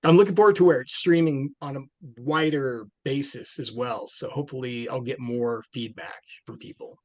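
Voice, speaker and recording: A man's voice: medium pitch, normal speed, darkish tone, no echo. Chatty man with many restarts. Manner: rambling, with many restarts and fillers. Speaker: film director guest. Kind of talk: casual interview talk.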